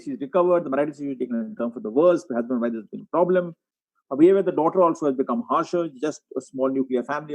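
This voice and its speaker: A man giving a webinar lecture as a psychiatrist, walking through case examples and often clearing his throat. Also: on the high side, warm tone, poor audio. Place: online webinar.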